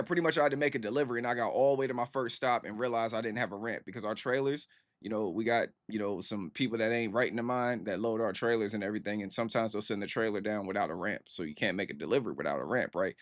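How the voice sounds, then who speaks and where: A man's voice: mid-range voice, fairly bright tone, no echo, clean studio sound. A man hosting a music reaction video, chatting casually and rambling with lots of filler phrases. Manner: rambling, conversational, lots of "you know what I'm saying".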